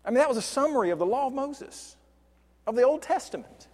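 Male preacher, conversational sermon, restarts, stretches key words; high-pitched, reverberant hall sound. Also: animated, a little mellow. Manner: conversational, with frequent restarts and slow stressed words.

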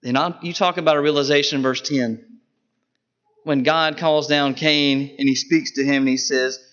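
A man preaching a sermon, emphatic, with sharp rises and drops in his voice for stress. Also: on the high side, fairly even intonation, moderate pace. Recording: dull lo-fi recording.

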